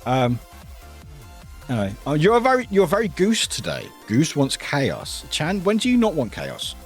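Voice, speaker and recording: A young British man streaming and chatting with his viewers, teasing them playfully and switching between loud outbursts and quiet mumbles. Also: fairly high pitch, wildly swooping pitch, normal speed. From United Kingdom. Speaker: livestreamer. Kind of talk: casual chat with viewers. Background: faint music.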